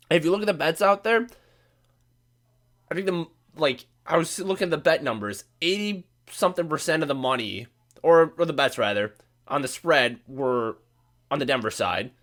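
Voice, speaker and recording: A man's voice: mid-range voice, a bit bright. A man with a Midwestern American accent hosting a podcast, sick and voice cracking, ranting casually about sports with profanity and sarcasm. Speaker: podcast host.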